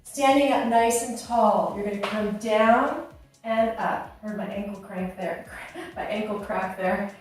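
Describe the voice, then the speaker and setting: A woman in her fifties leading a workout, giving brisk, encouraging coaching cues. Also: mid-range voice, a little mellow, recorded from a distance. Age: 50s. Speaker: fitness instructor. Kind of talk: workout instruction. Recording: very echoey room, voice off-mic, music behind.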